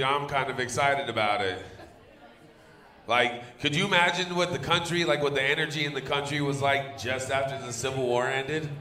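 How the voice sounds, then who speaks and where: Brash crude stand-up man, echoey club. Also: medium pitch. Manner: crude, brash, bursts into loud teasing. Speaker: stand-up comedian. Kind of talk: live stand-up with crowd work. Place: comedy club stage. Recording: echoey live club room.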